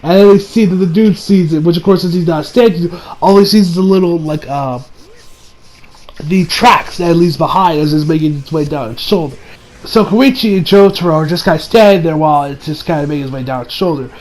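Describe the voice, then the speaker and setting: A man's voice: fairly high pitch, fairly quick, darkish tone, low-quality recording. A young man casually recapping an anime episode, rambling and playful, laughing as he retells scenes.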